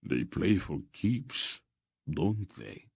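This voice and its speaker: A man doing a seasoned fighter with dry, wry remarks, in a deep, steady voice. Close, dry reading. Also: extremely slow, gravelly, slightly rough, no echo, exaggerated voice.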